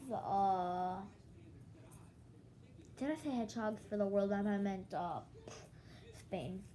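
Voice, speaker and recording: A woman's voice: mid-range voice, dark tone, low-quality recording. A young woman rambles through a story from home, her voice sleepy and yawning. She stumbles and restarts often, slipping into quoted back-and-forth as she acts out what others said. A faint hum of room ambience sits underneath. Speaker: vlogger.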